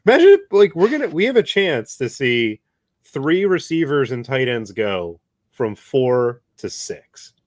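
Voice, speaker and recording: A man's voice: mid-range voice, big pitch swings, measured pace, dry recording, clean studio sound. A man co-hosting a casual livestream chat, talking in a giggly, enthusiastic way. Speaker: co-host.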